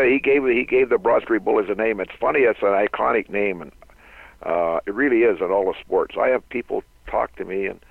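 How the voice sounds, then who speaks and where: A low, gravelly voice of an older man from Canada, spinning loose, rambling stories from his playing days and chuckling at his own tales. The sound comes through a thin, tinny phone line with a dry, close feel. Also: dry recording. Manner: rambling anecdotal storyteller who laughs often. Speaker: guest, former hockey player. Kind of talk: storytelling interview.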